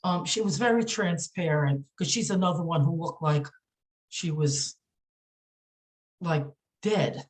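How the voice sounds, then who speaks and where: A woman with a low voice talks as a podcast guest and sounds indignant. She keeps stopping to restart her sentences and leans on repeated words for emphasis. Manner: halting, many fillers and restarts. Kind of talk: emotional podcast interview.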